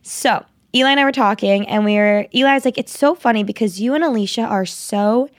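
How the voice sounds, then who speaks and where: A young woman co-hosting a podcast, chatty and warm, with lots of "like" in casual talk. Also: on the high side, a little fast, dry recording, studio quality. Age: young adult. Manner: chatty and warm, says "like" often. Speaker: podcast co-host. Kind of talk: casual chat.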